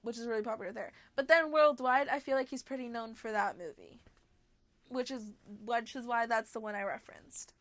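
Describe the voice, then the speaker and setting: A woman's voice: a little high, a little fast, fairly bright tone, no room sound. A young woman livestreamer chatting casually with her viewers, bubbly and giggly, often gasping and restarting her sentences.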